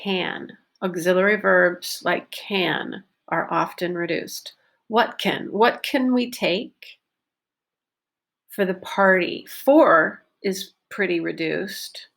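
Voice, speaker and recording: A woman teaching pronunciation, talking slowly and carefully and repeating example sentences. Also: on the low side, steady tone, vocal fry, fairly bright tone. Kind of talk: unscripted pronunciation lesson.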